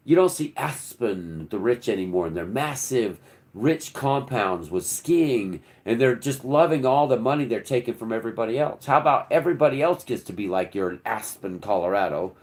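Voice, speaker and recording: A man delivering a rambling, preachy monologue in casual, sometimes profane speech, with sudden loud outbursts that drop back to low murmurs. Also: lively intonation, normal speed. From United States. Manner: casual, swears. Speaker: channel host. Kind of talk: impassioned monologue.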